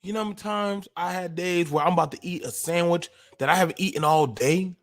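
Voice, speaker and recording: A high-pitched man, speaking on a livestream. He lectures with deep emotion and a preacher's rhythm, pushing his voice up into shouts. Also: fairly quick. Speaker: podcast host. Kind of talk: impassioned livestream monologue.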